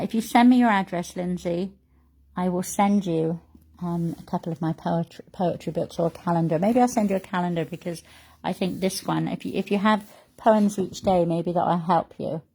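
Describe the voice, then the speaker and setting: Woman, middle-aged, mellow warm tone, casual heartfelt vlog chat, reads poems aloud. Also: on the low side. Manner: heartfelt, chatty and rambling. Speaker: vlogger.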